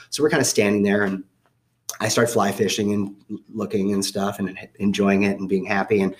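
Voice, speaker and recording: A man telling a story from his own life. He speaks casually, often corrects himself and restarts, and acts out the voices of the people in it. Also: on the low side. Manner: rambling with self-corrections and restarts. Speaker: father telling a family story.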